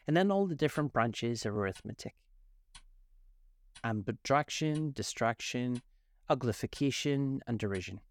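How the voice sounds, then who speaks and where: A man's voice: medium pitch, animated. A man voicing the Mock Turtle, a melancholy creature who sighs and sobs as he talks, in a storybook reading. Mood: mournful. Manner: mournful, sighing, slow. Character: melancholy sobbing male Mock Turtle, sighing.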